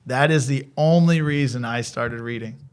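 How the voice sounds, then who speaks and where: A man with an American accent, a college athletic director and former softball coach, telling stories in a casual interview and acting out the quoted lines. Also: mid-range voice, moderate pace, a little hiss or hum. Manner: animated storyteller, acts out quoted dialogue.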